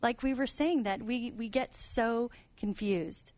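A woman sharing a family story and reflecting earnestly on love in a relaxed talk-show chat. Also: a little high, slow, no room sound. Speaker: guest author. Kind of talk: casual chat.

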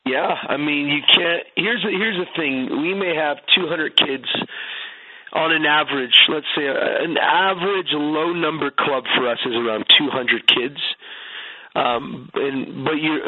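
A man's voice: fairly high pitch, a little hiss or hum. A man who leads a youth ministry and has written a book, telling stories earnestly in an interview, with frequent restarts and fillers. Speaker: author and youth ministry leader. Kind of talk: storytelling in an interview. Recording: phone-line sound.

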